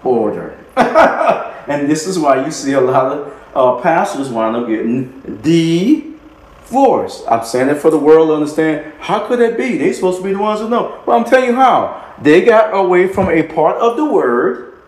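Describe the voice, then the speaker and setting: A man's voice: fairly high pitch, very animated, moderate pace. A man minister preaching a sermon with emphasis, repeating key phrases and chuckling between points. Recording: echoey room.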